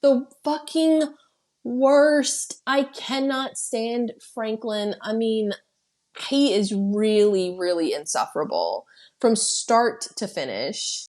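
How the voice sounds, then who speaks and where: A woman's voice: medium pitch, animated, slow. A woman hosting a podcast, recapping a horror film's plot in a casual, blunt way, swearing freely and laughing. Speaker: podcast host.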